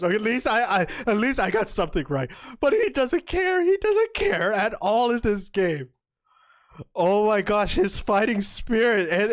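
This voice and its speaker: A young woman giving excited commentary on a board game, gushing and exclaiming as she acts out the players' imagined thoughts. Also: medium pitch, no echo, studio quality.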